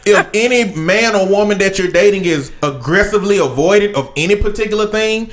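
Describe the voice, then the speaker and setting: Frank, animated man co-host. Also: high-pitched, a little fast, few pauses. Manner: frank, slangy advice-giving. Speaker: podcast co-host. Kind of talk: casual chat.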